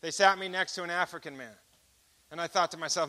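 High, bright-voiced man preaching a testimony. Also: fast. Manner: animated storyteller who acts out dialogue. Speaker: speaker giving a testimony.

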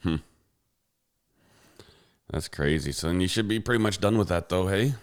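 Man, low voice, casual storytelling, frequent laughs, online call on headphones. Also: moderate pace, clean tone. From Canada. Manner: animated storyteller, laughs often. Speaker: friend chatting. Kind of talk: casual chat.

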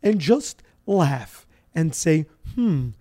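A man hosting a talk, with a slightly raised pitch. He closes the conversation with short affirming remarks. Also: unhurried, darkish tone, no echo, clean studio sound.

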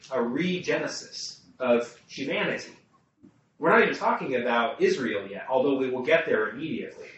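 A man's voice: medium pitch, a bit bright, slight background noise. A man leading a group Bible study, thinking aloud with restarts and putting questions to the people around him. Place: room with a small group. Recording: muffled, echoey room, mic far off.

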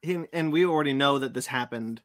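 A man's voice: medium pitch, brisk, crowd noise. A man co-hosting a casual gaming podcast, eagerly jumping in to steer the conversation. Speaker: podcast co-host.

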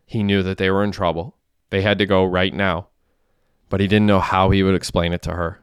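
A man reading a crime story aloud in a plain, steady way. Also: low voice, fairly quick, clear, resonant tone, dry recording, clean studio sound. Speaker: narrator. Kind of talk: audiobook narration.

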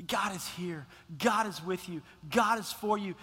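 A man's voice: high-pitched, measured pace, pushed and bright, husky, big-room sound. A male pastor preaching a sermon in a church, impassioned and repeating phrases for emphasis. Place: church sanctuary.

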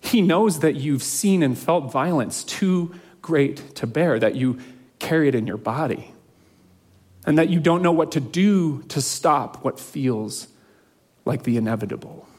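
A man preaching a sermon in an earnest, measured way, slowing down to stress key phrases. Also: on the high side, lively intonation, darkish tone. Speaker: pastor.

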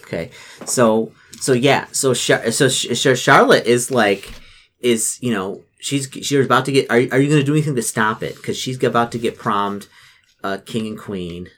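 A woman running a tabletop role-play game for kids, rambling with many restarts and quick voices for the characters. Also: rumbling low, fairly bright tone. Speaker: game master.

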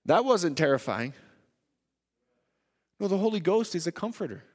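A male preacher with a high-pitched voice delivers a sermon in a church hall. His delivery swings between loud, emphatic declarations and soft, hushed asides. The sound carries a long hall reverb. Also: sing-song, moderate pace.

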